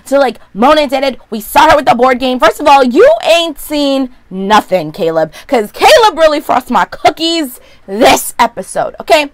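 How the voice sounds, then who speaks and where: A woman giving a sassy, opinionated recap of a TV episode in a casual vlog, full of quick asides. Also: high-pitched, lively intonation, slight background noise. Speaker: vlogger.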